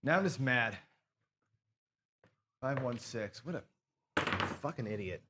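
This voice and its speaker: A man's voice: mid-range voice, animated, slow pace, pushed and bright. A man hosts a live craps game stream, talking loosely in a mid-range voice. He swears and scolds himself over his own slip-ups with frustrated self-deprecation. A faint hiss of noise sits under the recording. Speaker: craps show host. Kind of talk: live casual chat while playing.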